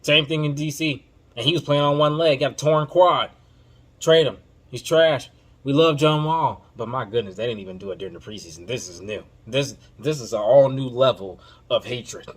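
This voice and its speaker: A man's voice: mid-range voice, brisk, slightly rough. Emphatic man ranting about basketball. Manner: emphatic and animated, swinging from loud to muttered; informal slang-heavy delivery. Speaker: podcast host. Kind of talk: casual basketball commentary.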